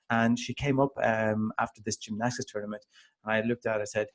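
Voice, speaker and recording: A man in his thirties, a father of two daughters, telling personal stories in casual conversation in an earnest, animated way. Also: lowish voice, fairly quick.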